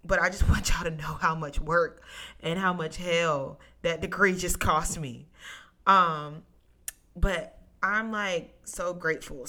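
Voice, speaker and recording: A young woman hosting a solo podcast, telling a personal story with emotion, close to tears at times, and calling her listeners "y'all". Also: lowish voice. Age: young adult. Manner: emotional, near tears, testimony-like; animated, addresses listeners as y'all. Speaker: podcast host.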